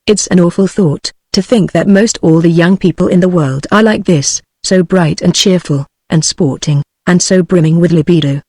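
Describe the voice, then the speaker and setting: A text-to-speech woman's voice with a British English accent, reading a novel aloud in an even, machine-like delivery. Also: fairly low pitch, normal speed, few pauses, breathy edge, dry recording, studio quality. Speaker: audiobook narrator.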